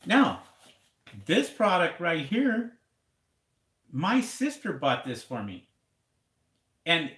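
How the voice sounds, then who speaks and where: Man, live stream host, casual rambling chat, bright forceful voice, roomy echo. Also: fairly high pitch. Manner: rambling, repeats words, talks to viewers as guys. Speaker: livestream host answering seller questions.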